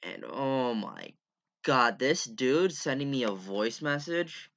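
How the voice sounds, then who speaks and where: A man's voice: medium pitch, very animated, slow pace, gravelly, a bit bright, highs cut off. A young man giving a rambling, profane, exasperated casual rant over gameplay as a gaming YouTuber.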